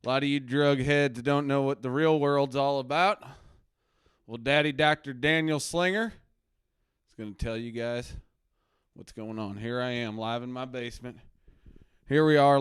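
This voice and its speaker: A man playing a blustering, paranoid male anti-drug crusader doctor who hosts a live stream from his basement, ranting between mutters and shouts. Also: mid-range voice, steady tone, moderate pace, smooth, no echo, studio quality, close to an everyday voice. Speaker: comedy show host. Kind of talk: satirical character live stream. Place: home basement.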